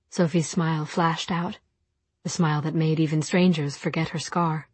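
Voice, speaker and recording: A woman reading a novel aloud in calm, even narration. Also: low voice, normal speed, breathy edge, no room sound. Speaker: audiobook narrator. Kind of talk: scripted narration.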